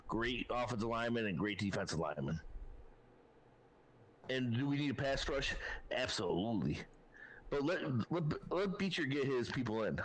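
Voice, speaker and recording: A man co-hosting a sports podcast, talking things through calmly with fillers and restarts. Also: mid-range voice, normal speed, pauses often, rough recording. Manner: calm, reasoning, many fillers and restarts. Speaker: podcast co-host.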